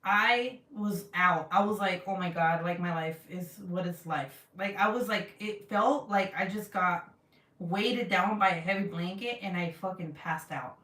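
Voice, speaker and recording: A woman's voice: lowish voice, unhurried. A young woman chats to her viewers in a loose, profane storytelling flow, acting out whoever she quotes. She sits a little back from the mic, so her voice carries a roomy echo. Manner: animated, profane, acts out quotes in her retelling. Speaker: craft vlogger. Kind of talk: casual storytelling chat, reading live comments. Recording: roomy sound from a distance.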